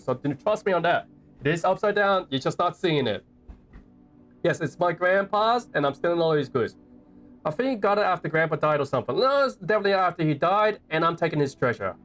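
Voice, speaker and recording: A young Australian man chatting playfully with viewers while playing a game and reading its notes aloud. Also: a little high. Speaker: streamer. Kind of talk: live gameplay commentary.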